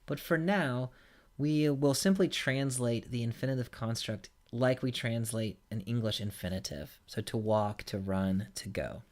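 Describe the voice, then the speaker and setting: A man with a darkish, middle-range voice gives a recorded grammar lecture at a relaxed pace. Patiently explaining, he works his way through the examples one by one.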